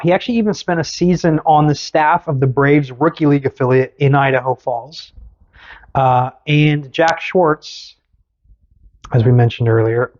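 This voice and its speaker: A podcast host telling a story in casual chat, animated and sarcastic. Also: mid-range voice, muffled recording.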